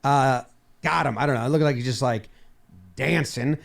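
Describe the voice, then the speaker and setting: A man's voice: mid-range voice, normal speed, vocal fry. A man giving a playful, comedic breakdown of game footage, acting out the players' lines with mock dialogue. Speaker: baseball video commentator. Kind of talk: comedic sports breakdown over clips.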